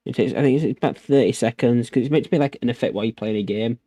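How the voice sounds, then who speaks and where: A man's voice: medium pitch, rapid-fire, mellow, no room sound. A man casually chatting on a livestream while showing his setup, rambling and hesitant with many fillers. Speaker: streamer. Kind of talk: casual livestream tutorial chat.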